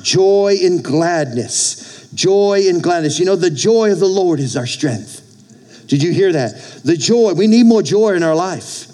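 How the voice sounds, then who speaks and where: A man's voice: high voice, animated, unhurried, mellow, low-quality recording. A middle-aged male pastor preaching a sermon, exhorting the congregation with frequent calls for amen. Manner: exhorting, with call-outs for amen.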